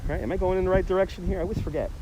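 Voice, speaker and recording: A man livestreams while walking through a city park outdoors, chatting rambly and answering viewer comments casually on a phone mounted on a handheld gimbal. His high voice races yet sounds mellow, with slight background noise.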